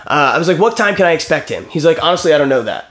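30s dude, kinda high voice, animated story ranting, swears a ton. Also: male voice, racing. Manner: animated storytelling, acts out phone calls, swears freely. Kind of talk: casual chat.

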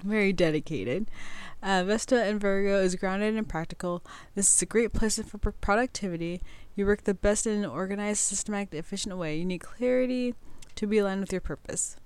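Chatty woman with a smooth, clear voice. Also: mid-range voice, a little fast, a little mellow, no echo. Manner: chatty, reads aloud and trips over words, swears casually. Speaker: podcast host. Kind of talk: casual astrology chat, reading aloud.

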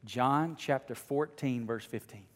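A middle-aged male pastor preaching a sermon to his congregation, dropping to a hush and then rising almost to a shout. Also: mid-range voice, a little slow, big-room sound. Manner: swings from hushed to near shouting. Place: church sanctuary.

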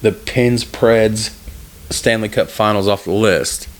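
A man in his thirties with a lowish voice, chatting casually as a podcast co-host. He jokes and rambles, and he imitates the people in his stories. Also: steady tone, slow pace, a little hiss or hum. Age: 30s.

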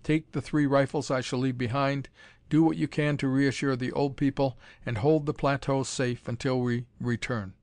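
A man's voice: medium pitch, steady tone, moderate pace, darkish tone, no room sound, close to an everyday voice. A man as a firm young adventurer. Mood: resolute. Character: bold young male adventurer leading a quest.

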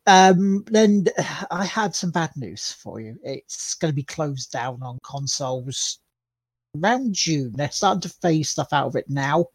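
A man's voice: a little high, expressive, a little slow, no room sound. A tired man co-hosting a casual podcast, full of wry jokes and slang. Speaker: podcast co-host.

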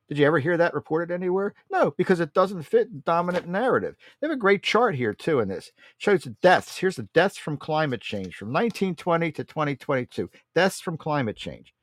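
A man's voice: on the high side, big pitch swings, brisk, dry recording. A man hosting a political talk show, delivering a blunt, mocking monologue and often calling his listeners folks.

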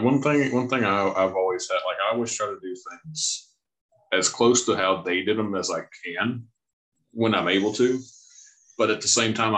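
A man with a very deep voice co-hosts a podcast. He talks in a relaxed, rambling way full of fillers. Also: low-quality recording. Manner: relaxed, filler-heavy talk. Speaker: podcast co-host. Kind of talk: casual podcast chat.

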